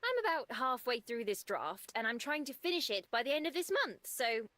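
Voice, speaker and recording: An actress voicing a composed, wry adult woman in a story game, dry and measured. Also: fairly high pitch, very animated, fairly bright tone, no room sound. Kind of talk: game voice acting.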